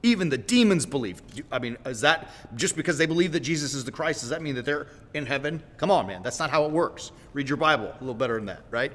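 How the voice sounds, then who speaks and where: A man preaches on a casual livestream in a mid-pitched voice, wandering off track and pulling himself back with quick apologies. His folksy talk keeps checking in with listeners. A long reverb trails each phrase, as if he is in a large room. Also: fairly bright tone. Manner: rambling, self-correcting, apologetic asides; folksy, direct, with repeated "right?". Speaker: host of a Christian livestream. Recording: long reverb in a roomy space.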